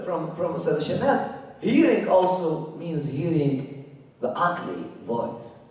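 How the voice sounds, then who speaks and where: A man giving a spiritual lecture, emphatic, repeating his phrases and dropping from loud to hushed. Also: sits high. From Canada. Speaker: religious lecturer. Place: lecture hall. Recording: echoey hall, voice from far off.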